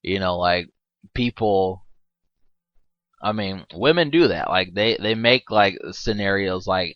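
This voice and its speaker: A man's voice: low-pitched, unhurried, no room sound, dull audio. A man giving a rambling, casual movie commentary, full of fillers and restarts and laughing often, swearing now and then.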